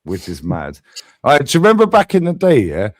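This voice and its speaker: A man's voice: on the high side, wildly swooping pitch, a little fast, no room sound. A man hosting a heated live fan stream, bantering, swearing and laughing often. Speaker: livestream host. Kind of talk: heated livestream fan debate.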